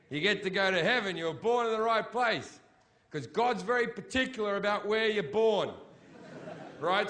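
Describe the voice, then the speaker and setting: Man, stand-up comedian, middle-aged, crude and mocking, high-pitched voice, live stage. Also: fairly bright tone. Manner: profane, blunt and mocking.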